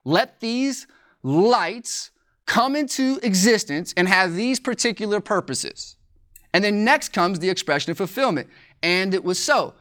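A preacher teaching a sermon from scripture, slowing down to stress key words and asking rhetorical questions. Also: medium pitch, animated, a bit bright. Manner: deliberate, slows for emphasis on key words.

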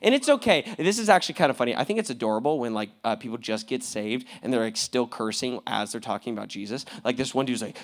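A young adult man preaching a sermon as pastor, in a casual, slangy way, often laughing and swinging from quiet asides to loud outbursts. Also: medium pitch, very animated, a little fast, creaky, few pauses.

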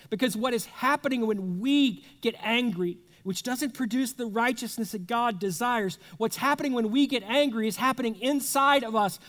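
A man's voice: extremely high pitch, fairly bright tone. A pastor preaching a sermon in a conversational way, acting out little back-and-forth dialogues as he teaches. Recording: long reverb of a large hall.

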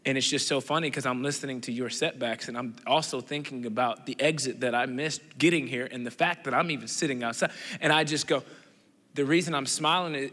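Animated stammering preacher in a reverberant hall. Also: male voice, medium pitch. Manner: stammering, animated storytelling with acted dialogue. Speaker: pastor. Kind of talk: sermon storytelling.

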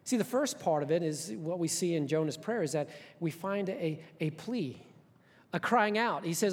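A man preaching a sermon as pastor, passionate, swinging between hushed and loud, often repeating words. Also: fairly high pitch, animated, normal speed. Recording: long hall reverb.

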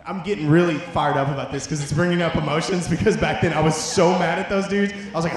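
Young man, casual youth sermon, jokey storytelling, high voice, heavy echo. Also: fast talker, few pauses. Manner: animated storytelling, jokey asides, lots of "like". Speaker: youth preacher. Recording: very echoey room.

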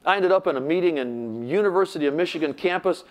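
A man's voice: fairly high pitch, lively intonation, quick pace. An older man preaching, telling a story animatedly and acting out the voices he quotes. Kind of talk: sermon storytelling.

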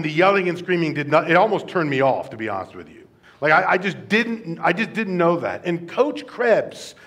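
A man preaching a sermon as pastor, in an earnest, conversational way that swells loud on key words. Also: a little high.

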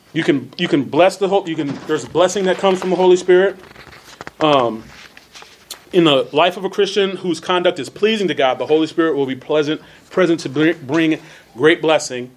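A man teaching a church Bible class, earnest, repeating phrases for emphasis and reading scripture slowly with stressed words. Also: fairly high pitch.

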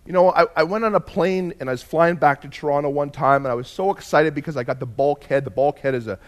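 A pastor delivering a sermon in church, his voice sitting a touch higher than most men's. He tells his stories with animation, dropping to near-hushed lines and then climbing into loud, emphatic bursts. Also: fast talker. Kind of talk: sermon with personal storytelling.

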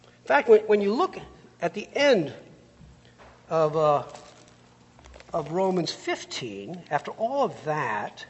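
Male preacher, husky and animated, slightly high voice, long hall reverb. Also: slow pace, pauses often. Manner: lively, conversational storytelling. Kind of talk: sermon with scripture reading.

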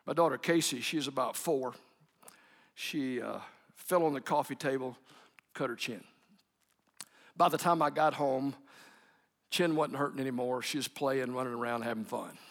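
Gravelly male preacher in an echoey hall. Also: on the high side. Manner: warm anecdotes with chuckles, dropping to near whispers. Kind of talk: sermon storytelling.

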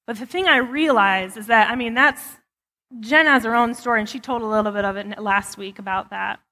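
A woman's voice: fairly high pitch, fairly quick, bright, forceful tone. A woman giving a personal testimony in a church, talking candidly and casually with lots of fillers. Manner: candid, chatty, many fillers. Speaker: church speaker. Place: church sanctuary. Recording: long hall reverb.

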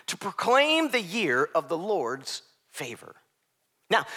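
A man's voice: extremely high pitch, bright, forceful tone. A young adult man preaching a sermon as pastor, conversational with joking asides.

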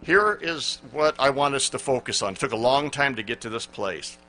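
An older pastor in his sixties delivers an emphatic sermon, his voice bright and forceful. He sits at an ordinary pitch for a man. He leans hard on repeated phrases and reads scripture aloud. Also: lively intonation, moderate pace. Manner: earnest, emphatic preaching with quoted scripture.

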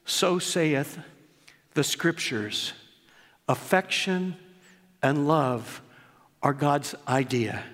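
A man's voice: on the high side, lively intonation, extremely slow, pauses often. An older man, a pastor, preaching a sermon in earnest storytelling fashion in a church. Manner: earnest, warmly storytelling, rises when reading aloud. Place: church sanctuary. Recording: long reverb of a church hall.

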